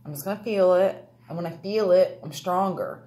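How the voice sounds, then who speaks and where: A woman's voice: on the low side, moderate pace, mellow. A woman giving an earnest, confessional personal talk about feeling your feelings. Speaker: speaker.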